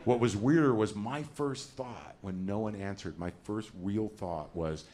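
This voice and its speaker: A man's voice: fairly low pitch, moderate pace, very noisy. A middle-aged man doing stand-up comedy, telling a neurotic, profane, self-deprecating story on a live stage. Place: theater stage before a live audience. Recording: live stage recording with loud crowd laughter.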